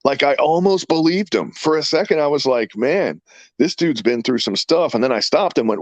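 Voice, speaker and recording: A man's voice: a little high, moderate pace, dry recording, muffled recording. A man in his fifties, a podcast host telling rambling, profane stories in casual chat. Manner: rambling, profane, animated storyteller.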